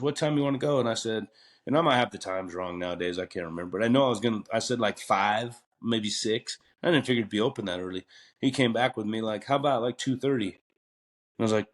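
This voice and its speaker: A man, talking at an ordinary pitch. He rambles through long stories, full of fillers and restarts. It sounds like a relaxed podcast chat. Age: 50s. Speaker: guest, retired butcher. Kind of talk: casual storytelling in a podcast interview.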